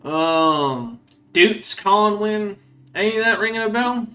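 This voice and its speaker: A towering gray-skinned monster hunter in a tabletop game, gruff and blunt, as a game master puts him on. His voice sits higher than the narration and jumps around as he questions strangers. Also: animated, slow pace, pushed and bright, exaggerated voice. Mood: questioning.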